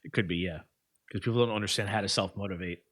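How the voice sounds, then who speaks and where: A man's voice: low-pitched, fast talker, fairly bright tone. A man co-hosting a podcast, agreeing easily and rambling through casual talk with lots of fillers. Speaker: podcast co-host. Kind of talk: casual chat.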